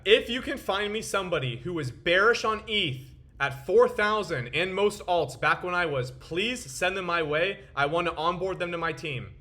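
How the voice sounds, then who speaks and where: A young man with a high, bright voice delivers a profane, boastful rant about his market calls. His talk is punchy and forceful, with a frustrated, self-assured edge. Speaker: crypto trader and video host. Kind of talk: ranting market commentary to camera.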